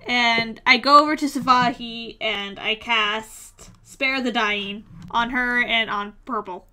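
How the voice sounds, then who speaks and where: A woman playing a tabletop game, speaking in a hesitant, halting way. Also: fairly high pitch, sharp tone, smooth. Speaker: player. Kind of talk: casual tabletop play.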